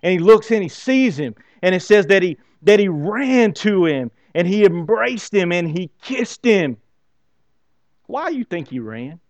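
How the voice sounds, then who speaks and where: A man preaching a sermon, lively and full of questions to his listeners. His voice sits a bit high for a man. The sound is dry and close to the mic. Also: a little slow, no echo, muffled recording. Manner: animated, asks the congregation rhetorical questions. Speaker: pastor.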